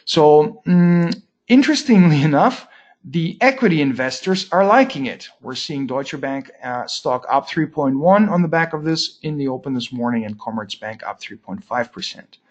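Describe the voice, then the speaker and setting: A man's voice: fairly high pitch, lively intonation, normal speed, highs cut off. A man giving a weekly market update as a trading educator, with dry, sarcastic asides and many fillers. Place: lives in Germany.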